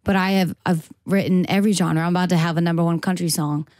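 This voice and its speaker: A young woman from Massachusetts talks as a guest in a casual interview. Her voice sits a little low and the sound is close and dry. She is bubbly, laughs easily and acts out what people said. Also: steady tone, fast talker, darkish tone, no echo. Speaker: guest singer-songwriter.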